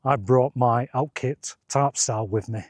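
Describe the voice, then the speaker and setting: A man's voice: mid-range voice, a little slow, dry recording, clean studio sound. A man, out of breath and chatting easily to camera while hiking across windy open moorland. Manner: chatty and easygoing, chuckles between remarks. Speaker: wild camping vlogger.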